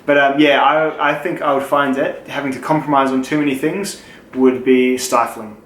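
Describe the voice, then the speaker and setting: A young man with an Australian accent chats through viewer questions, loose and jokey, swearing as he goes. His voice sits at a middle pitch. The room is echoey, with a faint hiss behind him. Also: fairly even intonation, moderate pace, fairly bright tone. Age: young adult. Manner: loose, joking, swears freely. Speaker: channel host. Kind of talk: casual Q&A chat.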